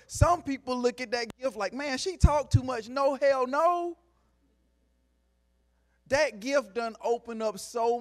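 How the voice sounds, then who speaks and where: A man giving a motivational talk to a live audience in a room, preachy, asking the crowd questions, going from quiet to loud. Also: sits high. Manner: preachy, call-and-response, swings from soft to loud. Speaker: motivational speaker.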